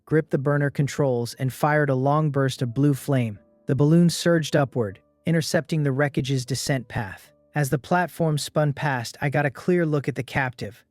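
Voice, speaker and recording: A man narrating a first-person adventure recap in a steady, even storytelling manner. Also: a little high, no room sound.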